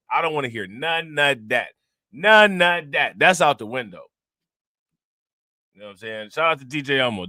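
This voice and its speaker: Guy doing casual news commentary, bright voice, repeats himself a lot, dry mic. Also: mid-range voice, no room sound. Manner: loose, repetitive, talks to viewers directly. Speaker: commentary channel host.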